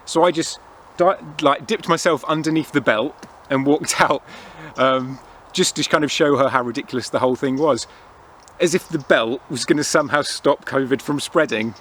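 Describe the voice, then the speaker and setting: A man's voice: on the high side, normal speed, a bit bright, a little hiss or hum. A young man chatting outdoors at a winter woodland camp, rambling through stories in a casual way. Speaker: outdoor vlogger. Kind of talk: casual chat.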